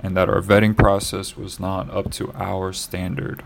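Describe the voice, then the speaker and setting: Low gravelly man, flat casual delivery. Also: slight background noise. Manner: halting, with many fillers and restarts. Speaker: podcast co-host. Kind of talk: casual chat, reading news aloud.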